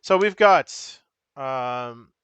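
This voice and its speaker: A man's voice: mid-range voice, lively intonation, drawn-out words, fairly bright tone, clear, resonant tone, dry recording, lo-fi sound. Rambling man streaming a card game. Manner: rambling, self-correcting, chatty with viewers. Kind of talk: casual live-stream chat.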